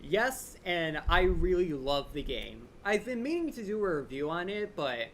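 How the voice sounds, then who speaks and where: A young man hosting a live Q&A stream, rambling quickly and eagerly with lots of fillers, his voice a little drained. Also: high-pitched, slight background noise. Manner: fast, excited fan rambling with many "like" fillers. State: voice a bit drained. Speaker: channel host answering viewer questions.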